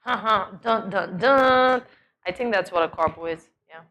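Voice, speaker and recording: A woman's voice: medium pitch, moderate pace, fairly bright tone. A woman in mid-range voice hosts a morning talk segment, playful and laughing as she unpacks proverbs. Her delivery is loose and chatty. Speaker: morning show co-host. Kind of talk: casual studio chat.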